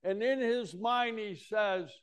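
A man's voice: sits high, takes it slowly, clear, resonant tone. Folksy preacher man telling stories. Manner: folksy storytelling, acting out voices with big swings of loudness. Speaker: pastor. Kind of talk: sermon.

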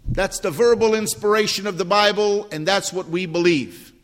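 High-voiced older man preaching in a hall. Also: moderate pace, slight background noise. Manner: emphatic, repeats key words, asks the congregation questions. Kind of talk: sermon. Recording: long hall reverb.

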